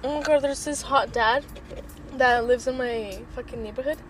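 High-pitched young woman rambling in a car. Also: moderate pace, a bit bright, slight background noise. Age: young adult. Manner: rambling, swears a lot, many fillers. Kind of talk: casual chat.

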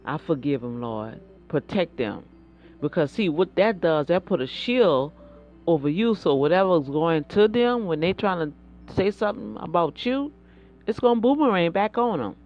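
A woman giving a fervent, preacherly faith talk, repeating words and breaking into bursts of excitement. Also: lowish voice, moderate pace, lo-fi sound, faint music behind. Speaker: inspirational speaker.

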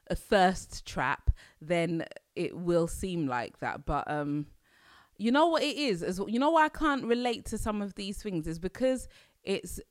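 Middle-aged East London woman, Cockney accent, emphatic casual chat, slow and expressive. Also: fairly low pitch, no room sound, studio quality. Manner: animated, emphatic, laughs often. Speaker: vlogger.

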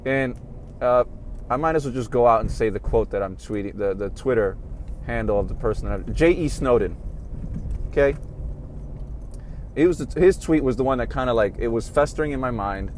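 A man hosting a podcast, ranting casually with lots of swearing, swinging from low mumbled asides to loud heated outbursts. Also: normal speed, long pauses, slight background noise. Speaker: podcast host. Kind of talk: casual rant monologue.

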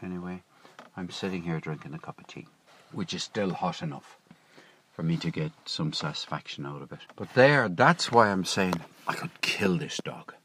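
Chatty man with a lowish voice, rambling. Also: moderate pace, noisy background. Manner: chatty, digressive, self-correcting. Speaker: vlogger. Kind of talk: casual rambling storytelling. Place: parked car.

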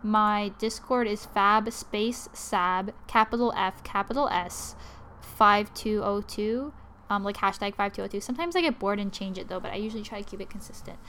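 A woman's voice: medium pitch, fairly bright tone, a little hiss or hum. Tired young woman rambling on a podcast. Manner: rambling, lots of likes and restarts, quick to apologize. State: sleepy and tired. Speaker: podcast host. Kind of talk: casual solo podcast ramble.

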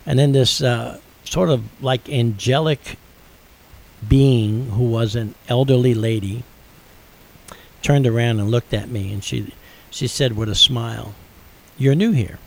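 A man's voice: medium pitch, fairly even intonation, measured pace, gravelly, rough recording. Middle-aged male radio host, earnest storyteller, ordinary mid-range voice. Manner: earnest storytelling, building intensity. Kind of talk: personal testimony on radio.

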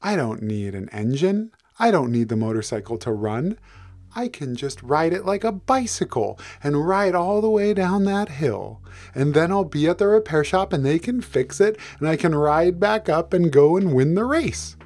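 A man voicing an eager male hippo who races motorcycles, speaking in excited, polite, fretful exclamations. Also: fairly high pitch, normal speed, voice pushed up.

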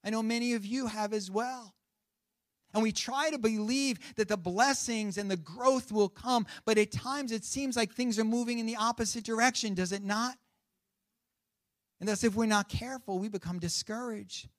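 Male pastor, high voice, dry close recording; preacherly, emphatic sermon delivery. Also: moderate pace, dry recording. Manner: preacherly, rising and falling emphasis, calls to congregation.

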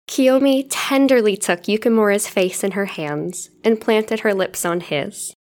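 A woman podcast co-host reading fan fiction aloud in a cheerful way. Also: medium pitch. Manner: cheerful, giggly.

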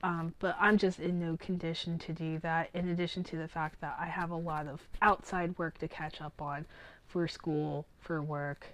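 A woman speaks in a lowish, husky voice that is worn down by illness and close to giving out. She chats casually as a podcast host and says um often. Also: little pitch movement, moderate pace, low-quality recording. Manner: chatty, with frequent ums. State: sick, losing her voice.

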